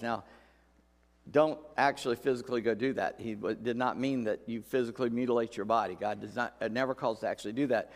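A man's voice: mid-range voice, steady tone, fast talker, in a large hall. A male pastor preaching a sermon in a folksy, conversational way, repeating key phrases for emphasis.

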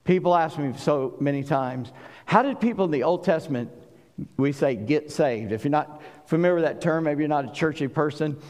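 Southern guy preaching, kinda high voice, big hall echo, gets loud then quiet. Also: moderate pace. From South Carolina. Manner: animated preaching, swings between booming and hushed. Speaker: pastor. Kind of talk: sermon.

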